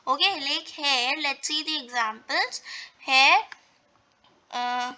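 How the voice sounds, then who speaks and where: Bright, high-voiced woman teaching French. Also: low-quality recording. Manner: explains slowly with repetition and fillers. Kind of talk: online language lesson.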